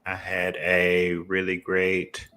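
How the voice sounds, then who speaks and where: A man co-hosting a casual chat show, easygoing and quick to laugh. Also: low-pitched, completely flat delivery, bright, forceful tone, slight background noise. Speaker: co-host.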